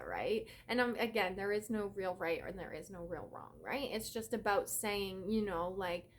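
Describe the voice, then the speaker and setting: A woman talks through a casual spiritual update in an earnest, conversational way. She keeps tossing in "right?" and "okay?" and lets the odd curse slip. Her voice sits at an ordinary middle pitch for a woman. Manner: chatty, peppers speech with "right?" and "okay?"; earnest, mildly profane. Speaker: spiritual reader and yoga teacher.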